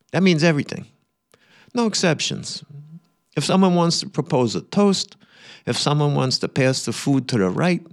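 A man voicing a blunt, controlling older uncle, reading out a letter of commands in a brash, loud voice. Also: fairly high pitch, lightly acted.

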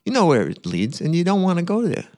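Picture a bossy, blunt old uncle, barking out his house rules in a raised, brash voice that swings up and down. He sounds controlling and sure of himself, and a man puts him on by pitching his voice well above his own. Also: huge pitch swings, quick pace. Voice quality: brash, loud, commanding.

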